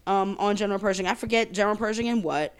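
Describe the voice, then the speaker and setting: A woman, a writer guest in casual chat, telling stories with animated bursts of high exclamation. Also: quick pace, smooth. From New Orleans.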